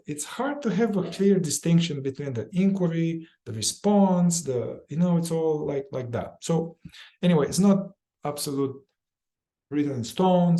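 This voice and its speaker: This man, whose voice is warm and on the higher side, leads a guided somatic therapy group in an offhand way. He repeats phrases often, and his inner-voice impressions come out as quick chanted bits laced with swearing.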